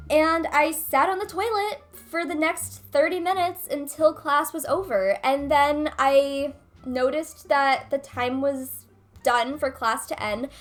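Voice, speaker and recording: A woman's voice: high voice, fairly bright tone. A young woman vlogger retelling a personal story in a chatty, casual way with lots of fillers. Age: young adult. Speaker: gaming vlogger.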